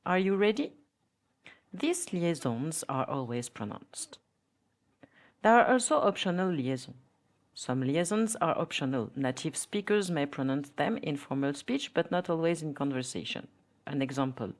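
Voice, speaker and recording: A woman's voice: deep voice, lively intonation, moderate pace. A woman with a French accent teaching a podcast language lesson, modelling words carefully for listeners to repeat.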